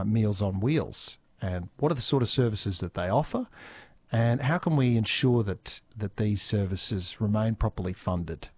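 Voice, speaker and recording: A man's voice: fairly low pitch, a little mellow, slightly rough, no echo. Chatty Australian man hosting radio. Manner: chatty, easygoing, frequent ums and restarts. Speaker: radio host. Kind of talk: live radio chat and listener messages. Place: radio studio. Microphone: studio microphone.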